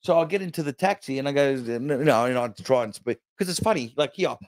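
A man's voice: fairly high pitch, quick pace, no echo, studio quality. Storytelling Australian man in his forties. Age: 40s. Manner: storytelling, animated, frequent restarts and "you know". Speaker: guest comedian. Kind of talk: casual podcast chat.

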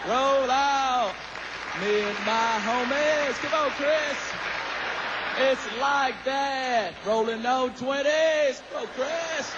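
A man impersonating an older politician with a low, slangy drawl, coaxing a friend to go out. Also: steady tone, drawn-out words, lo-fi sound, exaggerated voice. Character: older man politician, laid-back buddy-style coaxing. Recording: loud crowd and noise, live hall.

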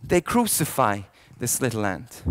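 A priest telling a story in a youth sermon, swinging from soft lines to loud ones and often restarting his words. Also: medium pitch, unhurried. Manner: animated storyteller, jumping between hushed lines and loud shouted quotes; frequent restarts and repeated words.

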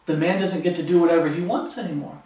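A man preaching a sermon, fervent and animated, acting out the voices of the people in his story. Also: on the high side, quick pace. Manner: fervent, acts out quoted voices. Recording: echoey room from far off.

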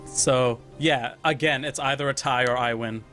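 A man's voice: medium pitch, steady tone, moderate pace, a bit bright, soft background music. A man hosting a gaming video, chatting casually and teasing his sibling as they play, laughing often. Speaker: gaming channel host. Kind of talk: casual gameplay chat with sibling.

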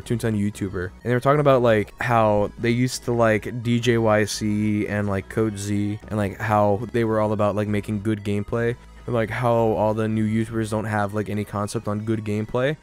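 A man's voice: fairly low pitch, level tone, a little fast, few pauses, clear, resonant tone, soft background music. A young man streaming a game, cracking goofy jokes in rambling, filler-heavy casual chat. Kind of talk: casual live-stream commentary.

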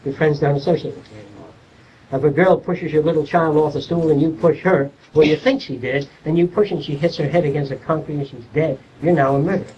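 A man's voice: fairly high pitch, quick pace, slight background noise. An older man giving an informal lecture, blunt and salty, acting out little dialogues as he tells stories. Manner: blunt, salty, animated storytelling. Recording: distant, muffled 1970s archive tape.

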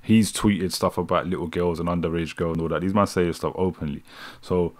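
A man's voice: deep voice, fairly even intonation, a little fast. A British man giving casual live commentary on a news clip, mocking and laughing often, with slangy speech. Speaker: streamer reacting to news.

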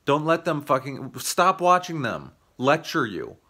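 A man's voice: fairly high pitch, wildly swooping pitch, unhurried, bright, forceful tone, husky. An American man ranting profanely into the camera for his comedy channel, combative and sarcastic. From United States. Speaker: YouTube comedian. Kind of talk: ranting video monologue.

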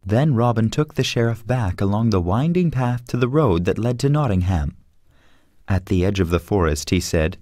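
Expressive male audiobook narrator. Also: lowish voice, normal speed, no room sound, studio quality. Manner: lively, expressive storytelling. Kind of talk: audiobook reading for English learners.

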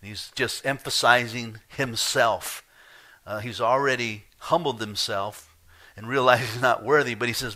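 In an unhurried, medium-pitched voice, a male pastor preaches emphatically, conversing with the congregation as he alternates hushed asides with loud, urgent statements.

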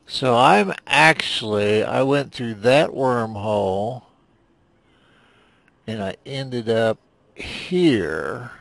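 Gravelly man muttering through gameplay. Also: medium pitch, animated, drawn-out words, a bit bright, no room sound. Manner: rambling, self-deprecating, mutters to himself. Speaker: gameplay commentator. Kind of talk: casual let's play commentary.

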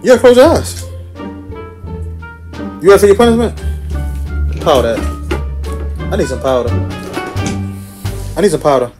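Seorang wanita muda yang membuat vlog di rumah, membual dengan keras dan mengejek temannya sambil bercanda. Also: female voice, lowish voice, big pitch swings, normal speed, long pauses, music in the background. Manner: boastful, loud and teasing. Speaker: vlogger. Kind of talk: playful trash talk with a friend.

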